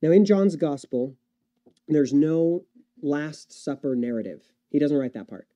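A man delivers a sermon in an easy, conversational way, breaking off for wry asides and fixing his words as he goes. His voice is very dark and mellow, though pitched a little high. The recording sounds dull and muffled. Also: measured pace. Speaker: pastor.

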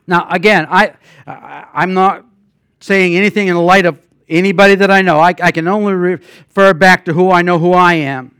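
An older man preaches as a guest pastor, spinning homespun stories full of fillers and false starts. His smooth, slightly high voice rises into loud emphatic passages and drops to quiet asides. The sound is dry and close. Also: fairly even intonation, moderate pace, no room sound. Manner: folksy storytelling with many fillers and restarts. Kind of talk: sermon.

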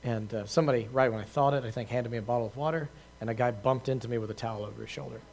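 A man's voice: medium pitch, steady tone, very fast, gravelly, a little mellow. Casual man preaching with fillers. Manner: conversational, many fillers and restarts, laughs at himself. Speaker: preacher answering questions. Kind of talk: informal teaching talk.

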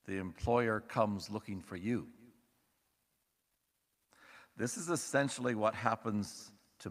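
Slow, measured preacher in an echoing church. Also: male voice, fairly low pitch. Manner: measured, thoughtful delivery with wry asides. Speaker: pastor. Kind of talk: sermon. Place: church sanctuary. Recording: long reverb of a church hall.

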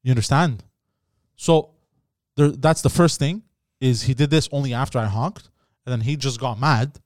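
A man casually telling a story on a podcast, acting out shouted quotes with lots of swearing and "bro". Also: medium pitch, moderate pace, dry recording, clean studio sound. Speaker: podcast host.

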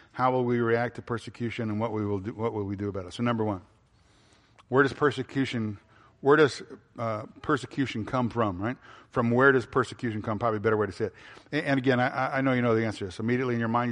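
A man's voice: mid-range voice, steady tone, fast talker, a bit bright, in a large hall. A male pastor preaching a sermon, asking the congregation questions and answering them himself, repeating phrases for emphasis, with frequent fillers.

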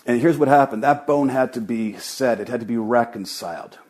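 A man's voice: mid-range voice, fairly quick, darkish tone. Earnest middle-aged male pastor preaching. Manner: earnest, emphatic preaching with repetitions. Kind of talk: sermon.

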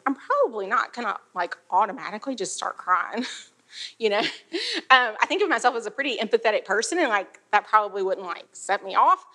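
A woman's voice: fairly high pitch, very animated, brisk, pushed and bright. A woman teaching a Bible passage in a chatty, casual way, laughing and using frequent fillers.

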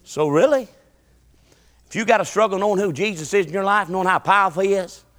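A middle-aged man, preaching a folksy, animated sermon full of repetition and bursts of song. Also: high-pitched, quick pace, long reverb tail.

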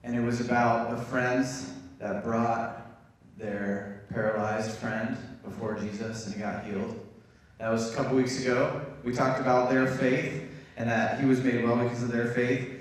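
A man's voice: medium pitch, flat delivery, normal speed, far from the mic. A man preaching a casual, chatty sermon as pastor, speaking to his congregation with friendly asides. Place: church hall. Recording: very echoey church room, voice from off-mic.

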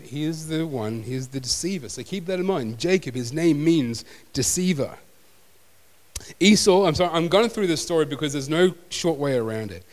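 A man preaching a sermon as pastor, conversational and self-deprecating. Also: on the high side. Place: church hall. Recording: long hall reverb.

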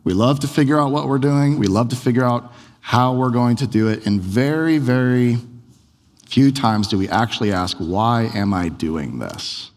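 A man's voice: medium pitch, moderate pace, darkish tone, in a large hall. A man preaching a sermon in a conversational way, firing off a chain of rhetorical questions. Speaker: pastor.

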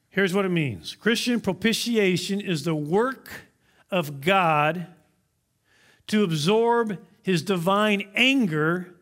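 A male pastor delivers a sermon in a fairly high voice. He is emphatic, drawing out important words and phrases slowly to drive them home. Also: fairly bright tone. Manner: emphatic, slows down to stress key words; uses props to illustrate.

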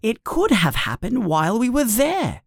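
A man's voice: very high-pitched, huge pitch swings, moderate pace, vocal fry, dry recording, studio quality, pitched above the performer's own voice, heavily acted. A man voicing an earnest, curious young schoolboy wizard in a storybook reading. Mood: urgent.

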